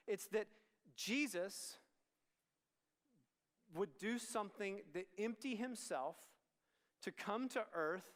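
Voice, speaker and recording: High-voiced male preacher in an echoing hall. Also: a bit bright. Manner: conversational, acts out dialogue. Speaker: student ministry speaker. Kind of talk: sermon. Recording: long hall reverb.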